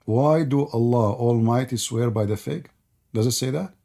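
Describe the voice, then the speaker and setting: A man's voice: mid-range voice, normal speed, gravelly, warm tone. A man hosting a live debate stream who asks pointed questions and keeps repeating words to press his point. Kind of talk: argumentative debate talk.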